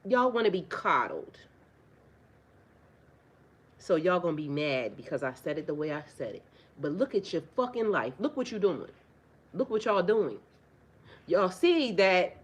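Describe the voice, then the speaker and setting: A woman's voice: lowish voice, big pitch swings, unhurried, pauses often, breathy edge. A woman, a spiritual life coach, talking casually on a livestream: blunt, profane and preachy, firing rhetorical questions and repeating phrases for emphasis. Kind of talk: casual livestream talk to viewers.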